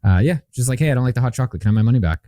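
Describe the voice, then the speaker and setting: A man, a guest entrepreneur on an interview podcast, telling stories in an animated, emphatic way. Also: mid-range voice, racing, no echo, studio quality. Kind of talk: conversational interview.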